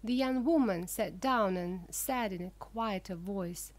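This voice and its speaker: A woman narrating a graded-reader audiobook in a slow, clear reading voice. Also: medium pitch.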